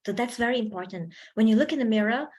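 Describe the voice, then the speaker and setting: A woman leading a university workshop on public speaking, talking into a handheld mic with lively energy and frequent laughs. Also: a little high, fast talker. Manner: animated, laughs often, chatty fillers. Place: university event hall.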